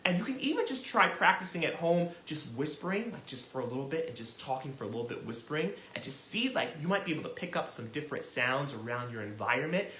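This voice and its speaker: A man hosting a children's music lesson, talking in an animated, encouraging way and demonstrating as he goes. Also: on the high side, fast, few pauses, echoey room, slight background noise. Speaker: children's music teacher and host.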